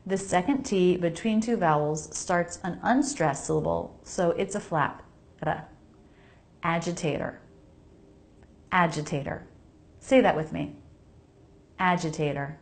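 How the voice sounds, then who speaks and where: A woman's voice: lowish voice, measured pace, pauses often. An American woman giving an English pronunciation lesson, carefully modeling each sound and repeating words for viewers to say along. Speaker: pronunciation teacher. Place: home laundry area.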